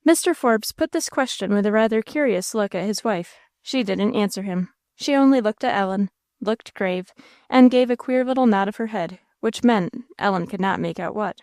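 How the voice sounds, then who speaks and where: A woman reading a classic novel aloud in steady storybook narration. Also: mid-range voice, moderate pace, no echo, clean studio sound. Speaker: audiobook narrator. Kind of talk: scripted narration.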